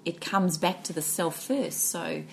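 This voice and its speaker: A woman's voice: lowish voice, expressive, measured pace, creaky, slight background noise. A woman co-hosting a podcast in casual chat, reflective and storytelling, with many fillers. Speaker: podcast co-host.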